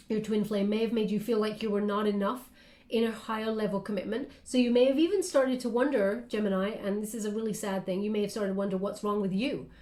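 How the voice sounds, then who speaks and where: Woman, psychic reader, soothing and reassuring, warm relaxed voice, roomy echoey room. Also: a little high. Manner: soothing, reassuring, talks in loose phrases with frequent fillers. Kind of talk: spiritual guided reading addressed to the listener. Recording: roomy echo.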